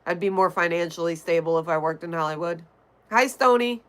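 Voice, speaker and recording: Her voice is nasal, on the low side and a bit bright, and she talks briskly. As a livestream host, she chats casually and responds to viewer messages while reading them out.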